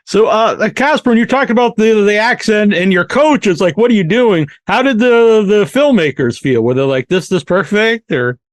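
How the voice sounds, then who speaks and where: High-voiced host, dry close sound. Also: male voice, animated, normal speed, few pauses, no echo. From Massachusetts. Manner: hesitant questioner, many uhs. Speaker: podcast host. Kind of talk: interview questions.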